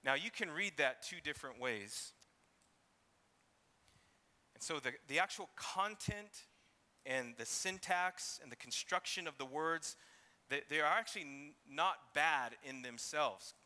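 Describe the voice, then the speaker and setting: A man's voice: on the high side, sharp tone, big-room sound. A man preaching an expository sermon, reading scripture and sometimes acting out mocking voices. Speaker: pastor.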